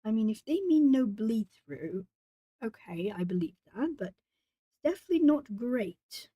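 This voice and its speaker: Brazilian lady rambling to chat while she colors, thinks out loud, dry close sound. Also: fairly high pitch, animated, measured pace, no room sound. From southern Brazil. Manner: chatty, thinking aloud, answers viewer chat. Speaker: art streamer.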